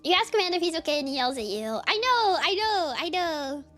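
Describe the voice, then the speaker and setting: A woman live-streaming a game and talking back to her chat in a quick, giggly way. Her voice sits high and swings widely up and down as she reacts. The tone is casual and animated throughout. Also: soft background music.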